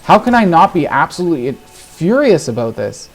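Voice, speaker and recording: A man commentating his own card game, ranting in exasperation and swearing, swinging between low muttering and sudden shouts. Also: big pitch swings, moderate pace, faint music behind. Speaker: gaming video host. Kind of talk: live gameplay commentary.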